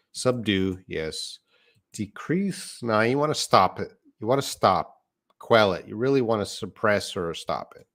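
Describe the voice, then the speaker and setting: A man teaching English live, with a deep, low voice. He talks slowly and patiently, going over words one at a time and answering questions from the chat. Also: fairly bright tone. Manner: slow, patient explaining of words, reading viewer comments aloud. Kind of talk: live online English lesson.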